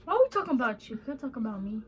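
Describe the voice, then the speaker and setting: A woman's voice: fairly high pitch, big pitch swings, racing. A woman chiming in from off camera in casual chat, teasing and interrupting. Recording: off-mic, distant from the mic.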